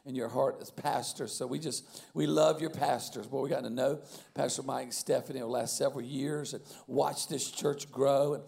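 A male guest pastor, hoarse from losing his voice, opening a sermon in a folksy, chatty way. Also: medium pitch, steady tone, normal speed, darkish tone. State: hoarse, lost voice.

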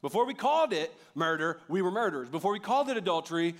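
A man preaching a sermon with a slightly raised pitch. He talks in a conversational, animated way, jumping from loud bursts to hushed emphasis. He jokes with the congregation as he goes. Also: quick pace. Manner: animated, swings from loud outbursts to quiet emphasis. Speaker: pastor.

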